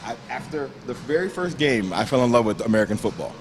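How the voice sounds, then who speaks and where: A young man from Grenada with a Grenadian accent, a bodybuilder telling his story in a gym interview, lively and acting out the voices of the people he quotes. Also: medium pitch, quick pace, noisy background. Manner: animated storyteller who acts out quoted voices and laughs often.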